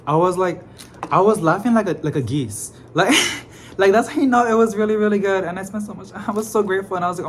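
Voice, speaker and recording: A young man talking in a rambling, expressive, sassy way, laughing often, in a casual vlog at home. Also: on the high side, a little hiss or hum. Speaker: plant vlogger. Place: home apartment, indoors.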